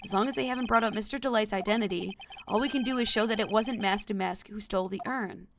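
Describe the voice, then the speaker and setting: A woman's voice: medium pitch, fast, slight background noise, close to an everyday voice. Woman reads dry young lawyer, own voice, matter-of-fact.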